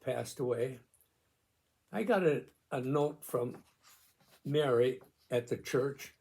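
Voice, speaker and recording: A man in his nineties talks straight to the camera at a slow, unhurried pace. His voice is gravelly and his delivery gentle and halting, full of pauses. He reads his own words softly and carefully. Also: medium pitch. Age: 90s. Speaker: video host on memory loss and caregiving. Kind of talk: slow personal reflection to camera.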